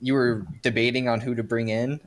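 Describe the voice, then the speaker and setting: A man on an esports team, excitedly bragging about his plays in casual banter. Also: mid-range voice. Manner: excitable, boastful, quick to laugh. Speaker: esports player being interviewed.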